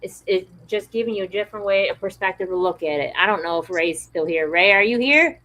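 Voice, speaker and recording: A woman's voice: medium pitch, fairly quick, bright, forceful tone, poor audio. A woman hosting a podcast, giving earnest, encouraging advice about positivity. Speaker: podcast host. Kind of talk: motivational podcast talk.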